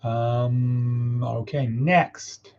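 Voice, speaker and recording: A man's voice: medium pitch, flat delivery, drawn-out words, a little mellow, dull audio, slight background noise. A man hosting a casual morning coaching livestream, upbeat and encouraging as he reads viewer comments and guides listeners through steps.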